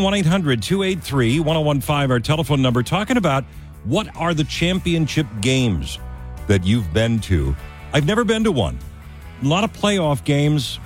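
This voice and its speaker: A man hosting a call-in radio talk show, chatting in a friendly way with callers. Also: a little high. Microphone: studio microphone.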